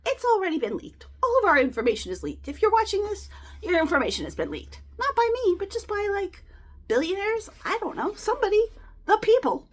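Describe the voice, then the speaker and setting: Animated chatty woman sorting clothes. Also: extremely high pitch, fairly quick. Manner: chatty, animated and rambling, drops to a whisper for asides. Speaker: clothing reseller vlogger. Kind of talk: casual chat while sorting clothes.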